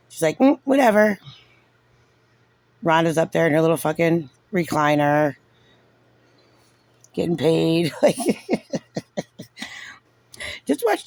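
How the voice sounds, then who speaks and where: A man's voice: a little high, animated, normal speed, gravelly, dry recording. A man giving casual, sarcastic and frustrated reaction commentary on a recorded meeting, saying "like" constantly. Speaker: parent reviewing a recorded meeting.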